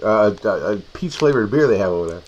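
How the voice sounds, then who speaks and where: A man's voice: on the low side, lively intonation, fast, a little mellow, rough recording. A man co-hosting a horror movie show, chatting casually and joking while snacking. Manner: jokey, rambling, trails off mid-sentence. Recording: faint background noise.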